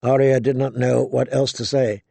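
A man narrating a fantasy novel aloud at a measured, even pace. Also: medium pitch, gravelly, dry recording. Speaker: audiobook narrator.

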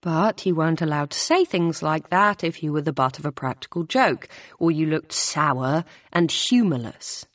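Woman reading a novel, lowish voice, measured pace, dry close recording. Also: lively intonation, no echo. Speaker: audiobook narrator. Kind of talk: scripted narration.

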